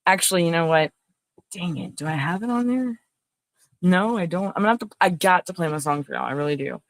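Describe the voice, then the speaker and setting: A woman's voice: fairly low pitch, animated, fairly quick, dry recording. A woman hosting a casual livestream, chatting in a rambling way and greeting viewers by name. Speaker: livestream host. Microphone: phone.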